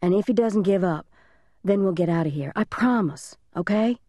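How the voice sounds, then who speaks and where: A woman doing a hushed, bossy boy. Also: mid-range voice, moderate pace, no room sound, clean studio sound, close to an everyday voice. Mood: hushed firm. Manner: soft, firm, hushed and bossy. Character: determined older boy, protective big brother.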